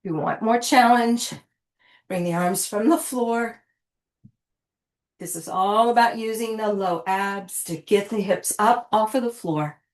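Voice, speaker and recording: A woman's voice: medium pitch, a little slow. A woman coaching a live workout, cueing exercises in an encouraging way and catching her breath between sets. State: winded. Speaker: fitness instructor.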